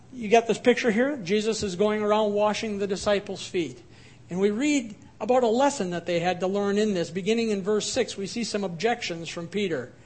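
Earnest high-voiced male pastor preaching. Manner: earnest, emphatic storytelling with rhetorical questions. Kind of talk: sermon.

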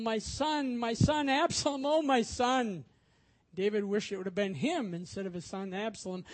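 A man's voice: high-pitched, a little mellow. A man preaching a sermon, telling stories and acting out quoted voices with rising emphasis. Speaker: pastor.

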